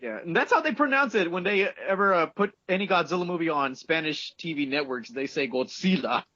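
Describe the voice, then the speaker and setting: A man co-hosting a podcast in casual chat, animated and laughing as he talks. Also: high voice, fairly quick, no echo. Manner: animated, laughs while talking. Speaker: podcast co-host. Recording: dull lo-fi dry audio.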